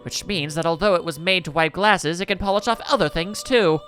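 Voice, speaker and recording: A man voicing a prim, formal female attendant from a video game, in a lower, measured tone. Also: a bit bright, clear, resonant tone, soft background music, close to an everyday voice.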